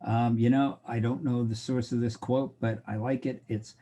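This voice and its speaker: A man's voice: mid-range voice, level tone, normal speed, hardly any pauses, mellow. A middle-aged man lecturing a college class in a wry, joking way. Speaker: college instructor. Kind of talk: recorded lecture.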